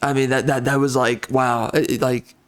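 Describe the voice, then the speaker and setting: With a mid-range voice that barely shifts in pitch, a male gaming host rants profanely over gameplay at a normal speed. He's agitated and seething, stumbling over words and repeating himself in anger.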